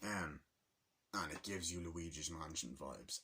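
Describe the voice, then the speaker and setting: A man's voice: deep voice, fairly quick, pushed and bright. A man casually reviewing a movie on video, rambling, swearing and losing his train of thought.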